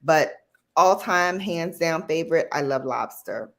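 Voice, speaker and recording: A woman with a notably low voice chats as a guest on a livestream. She tells stories at an easy pace, filling pauses with plenty of ums. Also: expressive. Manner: chatty storyteller, many ums. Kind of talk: casual livestream chat.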